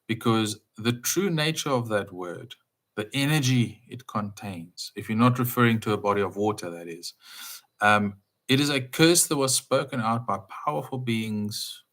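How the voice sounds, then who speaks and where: A man giving an emphatic, casual spiritual talk, full of rhetorical questions and swings between loud and soft. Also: fairly low pitch. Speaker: speaker.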